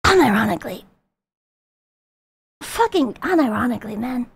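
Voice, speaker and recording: A woman's voice: fairly high pitch, sing-song, moderate pace, creaky, slightly rough, voice pushed down, heavily acted. A woman putting on the voice of a spoiled rich young adult who whines about rent, in a mocking, self-pitying tone.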